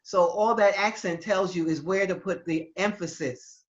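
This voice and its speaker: Patient woman teaching over muffled call. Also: on the low side. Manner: patient, halting explanations with many restarts. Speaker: Spanish teacher. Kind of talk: online class for seniors.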